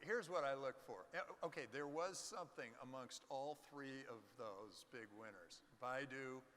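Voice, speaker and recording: A man, a venture capitalist, telling animated stories in an onstage fireside chat and acting out the quotes. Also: mid-range voice, normal speed, slight background noise. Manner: animated anecdotes with acted-out quotes. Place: conference stage. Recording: reverberant hall.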